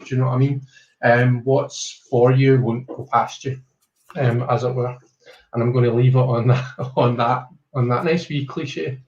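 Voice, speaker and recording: A man's voice: mid-range voice, steady tone, moderate pace, darkish tone. A man with a Scottish accent giving a casual tarot reading, hesitant with many fillers and reassuring. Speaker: tarot reader on a live stream. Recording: roomy, dull lo-fi call audio.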